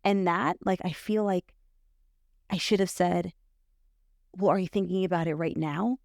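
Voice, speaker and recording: Low gravelly woman, halting testimony. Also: darkish tone, no room sound, studio quality. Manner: halting, full of fillers and restarts. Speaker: podcast guest. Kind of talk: personal testimony in conversation.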